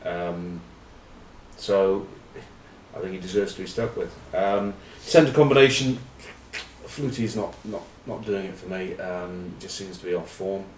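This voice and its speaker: A low-voiced man hosts a casual rugby vlog, rambling on with wry, cheeky asides. He sits back from the mic, and his voice carries in a roomy, echoey space. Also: measured pace, a little hiss or hum. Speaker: rugby pundit and vlog host. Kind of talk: casual rugby chat to camera. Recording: roomy echo, distant mic.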